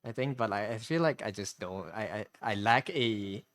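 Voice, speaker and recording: Man, soft-spoken streamer, low voice, stop-start rambling, dry close sound. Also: animated, moderate pace, dry recording. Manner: hesitant and rambling, with frequent restarts and repeated words. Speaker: streamer and artist. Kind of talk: casual live-stream chat while drawing.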